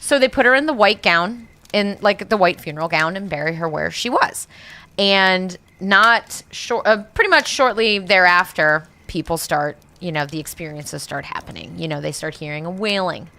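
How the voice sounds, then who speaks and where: A woman co-hosting a podcast, telling a ghost legend in casual chat with lively, profane asides. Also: fairly low pitch, normal speed, creaky. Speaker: podcast co-host, storyteller.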